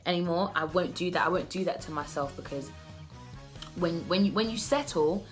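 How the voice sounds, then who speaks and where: Earnest young woman vlogging, low voice. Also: moderate pace, soft background music. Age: 20s. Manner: earnest, direct address with many restarts. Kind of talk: heartfelt self-love vlog talk.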